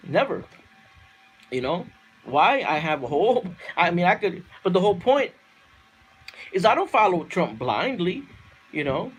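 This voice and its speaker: A man with a high voice rants fiercely on a livestream, swearing freely and circling back on his points. He keeps pushing into loud outbursts. A faint hiss sits under his voice. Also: very animated, normal speed, long pauses. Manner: fiery, profane, repeats himself, laughs at own lines. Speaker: livestream host reading viewer comments. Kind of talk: heated political rant on a livestream.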